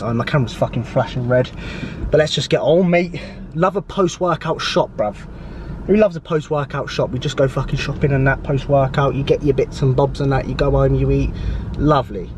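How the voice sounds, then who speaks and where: A man's voice: medium pitch, a little hiss or hum. A young man chatting casually in a vlog. He rambles, swears constantly and drops matey slang. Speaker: bodybuilding vlogger.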